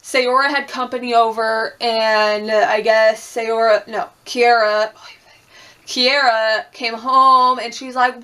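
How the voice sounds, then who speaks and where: A woman's voice: on the high side, little pitch movement, slow, bright, forceful tone, smooth. Chatty young woman recapping reality TV. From Puerto Rican and Cuban heritage. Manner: chatty, swears freely, acts out quotes, laughs often. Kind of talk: casual recap chat.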